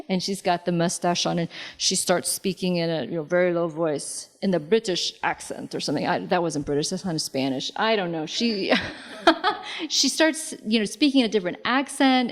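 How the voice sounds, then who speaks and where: A woman author giving a public talk in a library lobby, speaking conversationally with many fillers and lively asides. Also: fairly low pitch. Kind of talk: public lecture.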